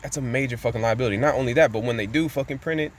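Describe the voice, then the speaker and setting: A man's voice: mid-range voice, rapid-fire, a little hiss or hum. A man giving a blunt, profane, ranting casual monologue about money.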